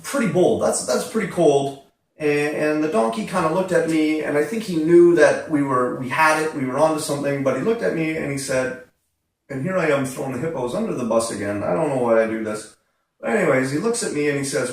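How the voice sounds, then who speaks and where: A man hosts a podcast, telling a story with animated exasperation and plenty of "uh" fillers. His voice has a gravelly edge. He sounds set back from the mic in a very echoey room. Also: a little high, a little fast, far from the mic. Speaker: podcast host. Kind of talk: casual storytelling.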